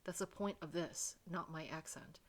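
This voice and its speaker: A woman's voice: medium pitch, lively intonation, normal speed, natural voice. Woman playing a French young man, exasperated, scolds under his breath; French accent; game read-through. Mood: sulky.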